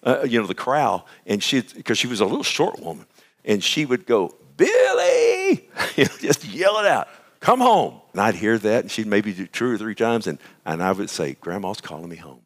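A man's voice: fairly low pitch, fairly quick, a bit bright. A male pastor giving a radio sermon, fervent and emphatic, often turning to his listeners with "amen?" and "listen".

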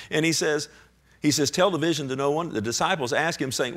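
A man preaching a sermon, reading scripture slowly and swinging between hushed and loud, animated delivery. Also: a little high. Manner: reads scripture aloud with slow emphasis. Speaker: pastor.

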